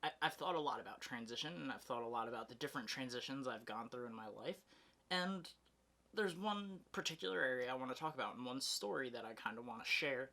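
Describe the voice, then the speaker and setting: A young man chats candidly to his camera while telling a story about his life. He talks in a loose, casual way, full of fillers and quick self-corrections, and his voice sits at an ordinary middle pitch. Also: gravelly, sharp tone. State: out of breath. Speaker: vlogger. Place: home, then in his car.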